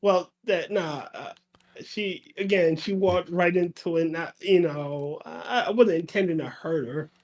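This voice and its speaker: Man, high voice, rambling, stammering, repeats words, casual podcast chat. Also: unhurried, darkish tone. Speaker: podcast co-host.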